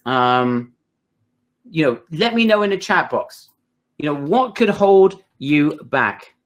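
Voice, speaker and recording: Upbeat male webinar host, slightly high voice. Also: very animated, takes it slowly. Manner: enthusiastic, addresses the audience directly. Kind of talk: webinar hosting.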